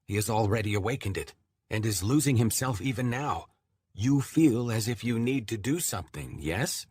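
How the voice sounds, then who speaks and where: A man's voice: fairly low pitch, animated, normal speed, a little mellow, husky, dry recording, clean studio sound. Man voicing a commanding disembodied shard. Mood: urgent. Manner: insistent, urgent questioning. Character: disembodied male personality shard, urgent and commanding.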